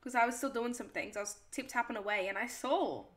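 A woman's voice: a little high, brisk. A woman live streamer chatting casually and playfully, reading her chat aloud and answering it.

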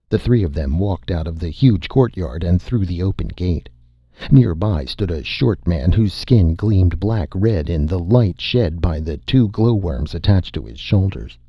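A man narrating an audiobook in a measured, steady way, in a slightly muffled recording. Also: low voice, slightly rough, no echo. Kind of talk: scripted narration.

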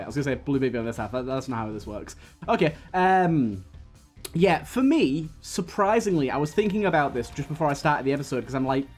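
A gaming YouTuber with a mid-range, slightly mellow and somewhat rough voice chats casually while he plays a video game. He rambles, fills the air with fillers and restarts, and hiccups now and then.

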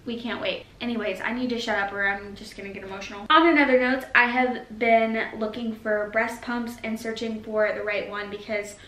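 A young pregnant vlogger gives a casual update, her bright, high-leaning voice carrying emotion as she chats. She's uncomfortable and a bit out of breath, says "y'all," and is recorded in an echoey space with a faint hum of noise.

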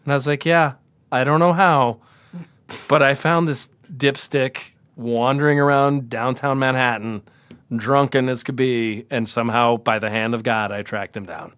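A man's voice: mid-range voice, fairly even intonation, moderate pace, a bit bright, smooth, no echo. A man from a small South Dakota town telling a touring story in casual chat, acting out the voices of people he quotes. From Spearfish, South Dakota. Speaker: guest, brewery sales rep. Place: home room with dogs around.

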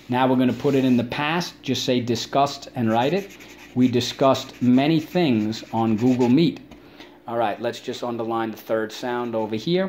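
Animated male teacher leading spelling drills. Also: a little hiss or hum. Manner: drills words with call-and-repeat chants; animated, swings up high for playful asides. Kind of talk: online spelling lesson for kids.

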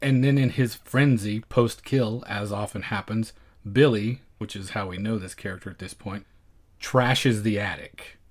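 A man's voice: on the low side, measured pace. A man co-hosting a film podcast, chatting casually with wry, dry jokes. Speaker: podcast co-host.

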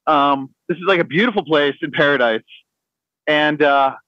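A man's voice: a little high, normal speed, no room sound, highs cut off. A man telling a navy story on a podcast in a rambling, laughing way, full of fillers and restarts. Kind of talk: casual storytelling among friends.

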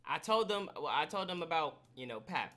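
Bright animated male voice, exasperated roleplay banter. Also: fairly high pitch, moderate pace. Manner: animated, exasperated, laughs often. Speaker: roleplayer in a crime game. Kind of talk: in-character game roleplay chat.

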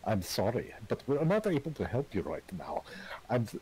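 A man's voice: medium pitch, wildly swooping pitch, moderate pace, a crowd in the background, low-quality recording. A man over voice chat putting on a male automated Russian phone operator in a mock Russian accent with a Scottish tinge, stiff like a recorded message. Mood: officious.

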